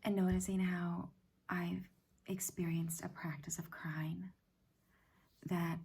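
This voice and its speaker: A middle-aged woman talks slowly through a personal reflection, her voice slipping into a hushed half-whisper. Her tone sits fairly low, with a gravelly fry and a husky, breathy edge. She pauses and restarts as she gathers her thoughts. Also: level tone. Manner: often half-whispered, gentle and halting. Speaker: self-help practice host. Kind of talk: soft-spoken personal reflection.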